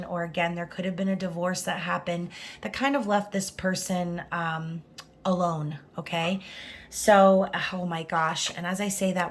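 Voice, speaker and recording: A woman reading tarot cards to camera in a chatty, reassuring way, often checking in with "okay?". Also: on the low side. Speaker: tarot reader.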